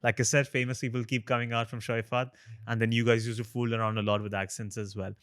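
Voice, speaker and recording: A man's voice: mid-range voice, level tone, quick pace, a bit bright, dry recording, studio quality. A man hosting a podcast interview, casually leading the questions. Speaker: podcast host.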